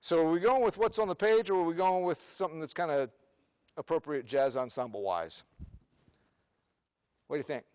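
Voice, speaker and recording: In a large room with long, ringing reverb, a band clinician leads a rehearsal, his voice a bit higher than most men's and slightly mellow, clear, and resonant. He counts the players in, sings short rhythm syllables as demonstrations, and fires quick questions at the ensemble between run-throughs.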